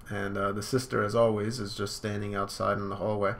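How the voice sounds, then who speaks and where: A man's voice: on the low side, little pitch movement, fast, few pauses, a bit bright. A man streaming a live manga reaction from home, casually describing panels with lots of fillers. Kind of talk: live reaction, reading aloud.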